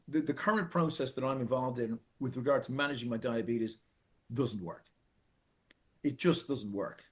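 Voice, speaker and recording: A middle-aged Irish man telling a personal story in an earnest, halting way, restarting and repeating phrases for emphasis. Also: a little high. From Ireland. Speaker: speaker telling his own story.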